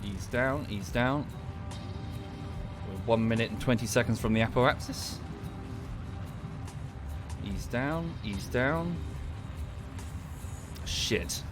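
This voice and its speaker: A man's voice: mid-range voice, slow, long pauses. A man giving casual, dry, self-deprecating commentary while livestreaming a game, often muttering to himself. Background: game music.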